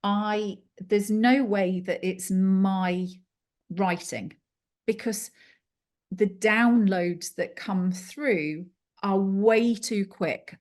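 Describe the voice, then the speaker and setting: A woman being interviewed as a clairvoyant guest over a video call, talking in a chatty, animated storytelling way. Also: mid-range voice, extremely slow. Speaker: clairvoyant and angel card reader guest.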